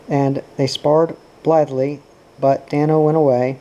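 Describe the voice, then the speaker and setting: A man reading a novel aloud in a steady, even manner. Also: on the high side, measured pace, lo-fi sound. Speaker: narrator. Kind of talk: audiobook reading.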